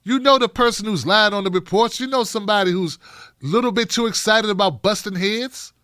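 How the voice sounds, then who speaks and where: A man's voice: sits high, fairly quick, sharp tone, dry recording, clean studio sound. Fired-up man hosting a live show. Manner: fired-up, blunt, profane, talking to chat by name. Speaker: show host reading live chat. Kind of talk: live-stream talk show commentary.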